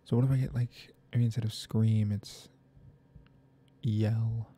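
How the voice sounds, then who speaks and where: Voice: mid-range voice, little pitch movement, a little slow, dark tone, husky. A gaming video creator thinks aloud while playing, rambling and often sliding into half-whispered muttering. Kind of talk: soft-spoken gaming commentary.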